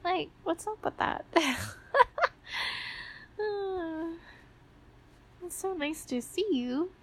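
A woman's voice: very high voice, animated, very slow. Congested young woman, whispered role-play. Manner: soft, sleepy and giggly. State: congested from a cold. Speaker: ASMR performer playing a sick girlfriend.

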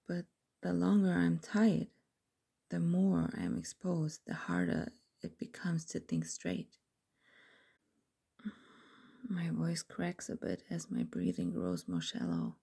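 A young adult woman telling an intimate first-person story in whispered role-play, slow and breathy. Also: on the low side, expressive, warm tone.

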